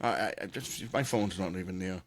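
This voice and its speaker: A man's voice: deep voice, brisk. Profane Boston man telling a story. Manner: profane, animated storyteller, frequent restarts. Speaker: podcast co-host. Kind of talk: casual chat, storytelling.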